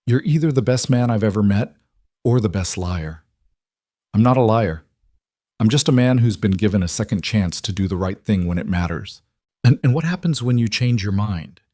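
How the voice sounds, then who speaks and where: A man's voice: lowish voice, lively intonation, moderate pace, mellow, no room sound, clean studio sound. A man voicing a wary, frightened widowed frontier mother whose guarded voice rises and breaks. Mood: fearful. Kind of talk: audiobook character reading.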